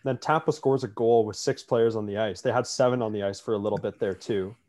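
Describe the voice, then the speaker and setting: A man's voice: on the low side, brisk. A man talking over a podcast table, fired up and ranting through a complaint. He leans on filler words and restarts, keeping it loose and conversational. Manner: animated, ranting, lots of "like" fillers. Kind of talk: casual sports chat.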